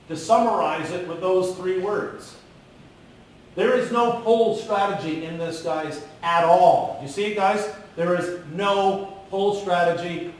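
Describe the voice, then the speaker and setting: A man giving a live motivational business talk in a large room, animated and coaxing the audience to call out answers. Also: sits high, slight background noise. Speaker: keynote speaker. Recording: very echoey hall, far from the mic.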